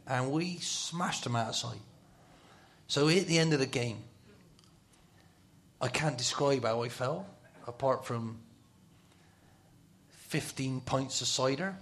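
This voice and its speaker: A man's voice: mid-range voice, takes it slowly, pauses often, a bit bright. A middle-aged man telling football stories in a casual talk, laughing often and dropping to a whisper for his inner thoughts. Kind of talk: casual storytelling on a talk show.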